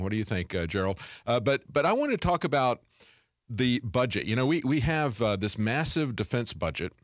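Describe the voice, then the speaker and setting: A man hosting an interview, asking long, conversational questions with many filler pauses. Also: lowish voice, dry recording, studio quality. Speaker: show host.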